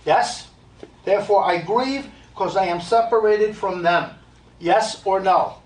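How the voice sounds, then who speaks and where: In a live event hall, a man from the United States works as a medium on stage, hammering his points home bluntly, repeating them, and tossing in jokes. His voice is high and unhurried, recorded from a distance in an echoey space.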